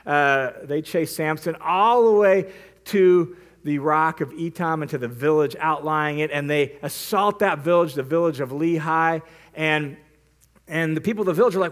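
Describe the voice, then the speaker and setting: A man teaching as a Bible teacher, retelling a story in a lively, conversational way with frequent asides. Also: on the high side. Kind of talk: casual storytelling lesson.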